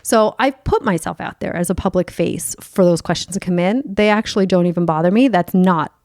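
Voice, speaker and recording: A woman's voice: lowish voice, fairly quick, darkish tone, no room sound, clean studio sound. A woman hosting a podcast as a sex coach, talking in a bubbly, playful and openly profane way. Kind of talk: candid podcast chat.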